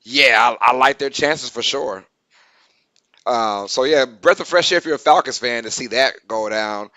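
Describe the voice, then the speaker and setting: A man hosting a casual live-stream sports talk show, excitable and repeating words for emphasis. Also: medium pitch, normal speed, dry recording.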